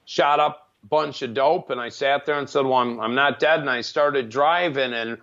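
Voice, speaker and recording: A man's voice: medium pitch, normal speed, a bit bright. A middle-aged man, a podcast guest, telling his recovery story in a candid, matter-of-fact way with frequent restarts. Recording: dull lo-fi podcast audio.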